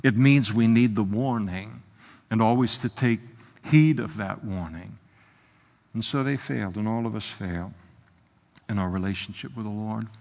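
Heard through long hall reverb, a pastor preaches an expository sermon with passion, his voice creaky and his pace moderate with long pauses. He alternates quiet, low asides with loud, forceful bursts.

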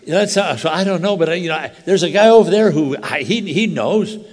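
An older man preaching a sermon, telling a story with animated, halting restarts that drop to quiet intensity. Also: sits high, long reverb tail.

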